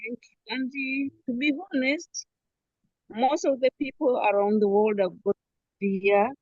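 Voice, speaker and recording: A woman talking with her coach on a video call, halting and restarting her sentences. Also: a little high, steady tone, a little mellow, no echo, dull audio. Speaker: coaching client. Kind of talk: casual chat on a video call.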